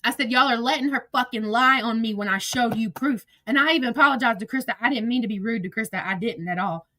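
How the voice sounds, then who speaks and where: A woman's voice: fairly high pitch, quick pace, sharp tone, dry recording. A woman hosting a livestream, ranting angrily and emotionally with lots of swearing and repetition into a phone. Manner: angry, profane, emotional, repeats herself. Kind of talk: heated livestream rant.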